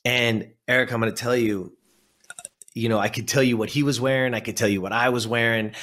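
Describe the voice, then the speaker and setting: A man's voice: medium pitch, fairly even intonation, a little fast, a bit bright. A man in his fifties from Southern California, a coach and former athlete, telling an emotional personal story in earnest, repeating phrases for emphasis and speaking straight to the listener. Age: 50s.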